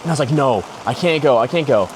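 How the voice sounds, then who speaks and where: A man's voice: medium pitch, animated, fast. A young man telling a personal story in a slangy, rambling way, full of "like" and "bro". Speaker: podcast host. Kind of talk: casual storytelling. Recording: loud rain noise behind the voice. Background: heavy rain.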